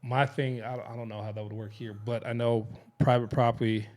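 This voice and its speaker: A man's voice: medium pitch, a little fast. Rambling man chatting on a podcast. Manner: relaxed, rambling storyteller with many restarts. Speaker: podcast host. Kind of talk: casual chat.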